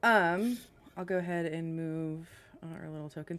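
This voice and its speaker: A woman's voice: low voice, normal speed. A woman running a tabletop game as dungeon master, chatty and laughing often with her players. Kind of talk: casual game session chat.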